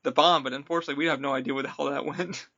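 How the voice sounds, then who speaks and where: A man's voice: mid-range voice, racing, lo-fi sound. A man hosting a podcast, chatting casually and telling stories with acted-out quotes. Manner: animated storyteller acting out quotes. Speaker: podcast host, former attraction worker. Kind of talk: casual chat, storytelling.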